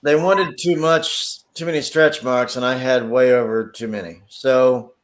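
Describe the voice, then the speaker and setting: A man's voice: mid-range voice, fairly even intonation, unhurried. A man making self-mocking wisecracks in a casual chat with friends.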